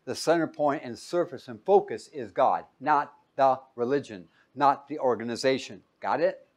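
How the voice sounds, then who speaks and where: A man preaching a Bible-teaching sermon, reading verses loudly and pausing for his listeners to call out the missing word. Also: mid-range voice. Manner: quizzing listeners with fill-in-the-blank questions; emphatic, loud when reading scripture aloud.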